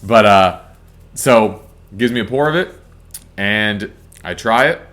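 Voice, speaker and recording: Male co-host, deep voice, relaxed anecdotal delivery. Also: slow pace. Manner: relaxed, chatty anecdote teller. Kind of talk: casual storytelling.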